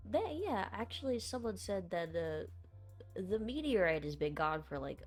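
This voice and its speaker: A woman's voice: medium pitch, sing-song, normal speed, faint music behind. A woman playing a tabletop game, talking casually in character and hedging with many fillers. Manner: hesitant, full of fillers. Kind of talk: casual in-character role-play.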